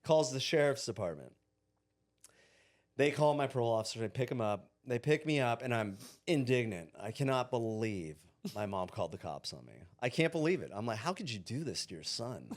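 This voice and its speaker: A man's voice: medium pitch, lively intonation, fairly quick. Frank, swearing man. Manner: frank, profane, laughs at his own past. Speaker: podcast guest. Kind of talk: candid conversational storytelling.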